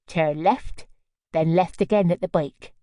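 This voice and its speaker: Woman narrator putting on a sly old rustic villager for a storybook, dark dry tone. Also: lowish voice, unhurried, dry recording, natural voice. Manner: broad rustic dialect, sly.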